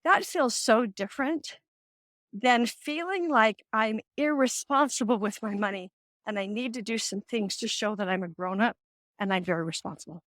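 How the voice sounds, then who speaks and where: Middle-aged woman, host of a faith talk, animated storytelling, fairly high voice, dry close sound. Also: moderate pace, dry recording. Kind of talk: casual faith-based talk.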